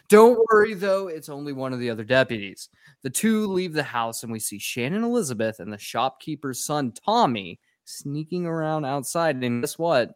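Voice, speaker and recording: Profane man with a lively voice. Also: mid-range voice, no room sound, clean studio sound. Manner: profane, sarcastic storytelling. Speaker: podcast co-host. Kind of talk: casual film recap.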